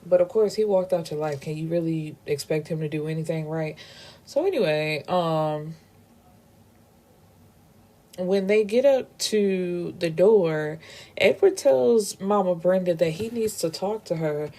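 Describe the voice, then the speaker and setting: A woman with a lowish, warm voice recaps a novel for her viewers. She talks casually and animatedly, swears freely, and slips into the characters' voices. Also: unhurried. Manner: animated, profane, acts out character dialogue. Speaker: book reviewer.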